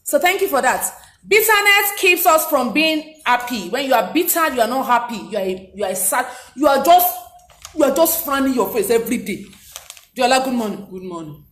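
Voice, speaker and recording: A woman's voice: high voice, expressive, moderate pace, fairly bright tone. A woman giving a motivational talk, speaking emphatically and repeating her key points. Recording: roomy echo.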